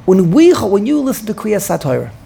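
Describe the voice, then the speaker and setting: A man with a gravelly, husky voice delivering a Talmudic lecture. He thinks out loud, circles back and repeats words as he builds his argument, and peppers his English with Hebrew terms. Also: high-pitched, sing-song, fairly quick. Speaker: rabbi teaching a class.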